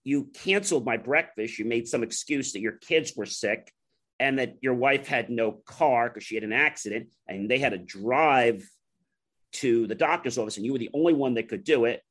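A man's voice: mid-range voice, normal speed. A man, a talk show host, telling a business anecdote and acting out the conversations. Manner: animated, acts out dialogue. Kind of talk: storytelling anecdote.

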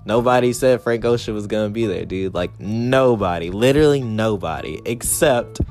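A man hosting a podcast, ranting casually and profanely, his voice jumping high when he gets heated as he paces a small room. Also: normal speed, darkish tone, soft background music. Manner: profane, heated ranting with big pitch jumps. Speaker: podcast host. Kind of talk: casual solo rant. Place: small room with door closed.

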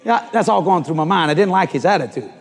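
Animated older preacher, big hall. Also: male voice, high voice, fast, breathy edge. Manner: animated storyteller, acts out voices and shouts at the climax. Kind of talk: storytelling sermon.

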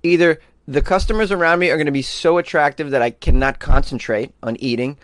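A man's voice: a little high, brisk, no room sound. A man hosting a comedic weird news show, reading odd stories and riffing on them with jokes and laughter. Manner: animated, jokey, laughs at his own lines.

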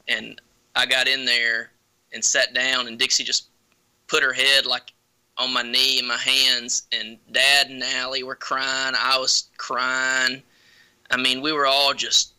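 A man's voice: medium pitch, sharp tone, clean tone. A man co-hosting a casual chat, easygoing and agreeable, and sometimes trailing off mid-sentence.

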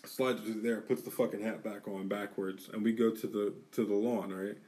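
A man's voice: lowish voice, normal speed. Profane man telling a wild story. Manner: animated, profane, acts out quotes. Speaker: podcast co-host. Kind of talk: casual storytelling. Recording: distant mic in a studio.

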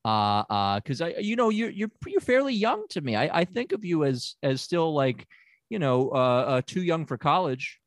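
A bumbling, oblivious sham therapist, as a man improvises him rambles through his points with constant fillers and halting restarts. His voice sits a little high. The mic is close and dry. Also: big pitch swings, no room sound. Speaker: therapist character. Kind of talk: improvised comedy role-play.

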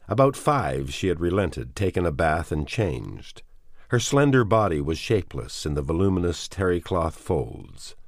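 A man reading a novel aloud, measured and expressive in his storytelling. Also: low-pitched, gravelly, no room sound, clean studio sound. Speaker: audiobook reader. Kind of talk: dramatic audiobook reading.

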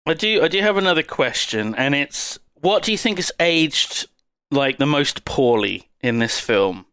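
A man's voice: fairly high pitch, lively intonation, unhurried, sharp tone, smooth, no room sound. A man co-hosting a podcast, asking questions and dropping dry asides in casual chat. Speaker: podcast co-host.

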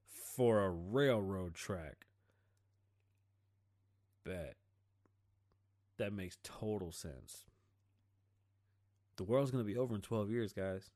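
A podcast host speaks in a fairly low, darkish voice, moving slowly with long pauses. On his own show he delivers a blunt political rant, casual in style and packed with profanity and slang.

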